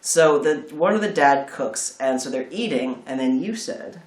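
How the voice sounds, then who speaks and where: A man's voice: on the high side, expressive, moderate pace, roomy sound. A man hosting a casual film chat, rambling through tangents and swearing freely. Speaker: film review host.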